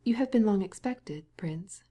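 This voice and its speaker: A woman's voice: medium pitch, expressive, a little slow, mellow, breathy edge, pitched above the performer's own voice. A woman reading an audiobook, voicing a painter's testy, constrained wife.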